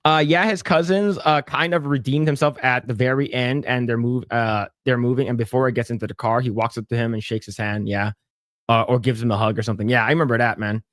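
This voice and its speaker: A man's voice: mid-range voice, fairly even intonation, fast, fairly bright tone, no room sound, clean studio sound. A man co-hosting a casual podcast, reading comments aloud, joking and stumbling over restarts. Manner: jokey, lots of stammered restarts, breaks into mock voices. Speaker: podcast co-host.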